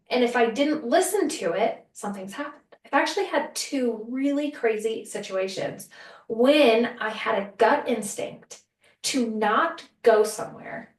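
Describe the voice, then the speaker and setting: A woman with a somewhat high voice tells a story on her own podcast in an earnest, chatty way. She acts out what people said as she goes. The sound is roomy and set back from the microphone. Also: moderate pace, recorded from a distance. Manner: earnest, conversational, acts out quotes. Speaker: podcast host.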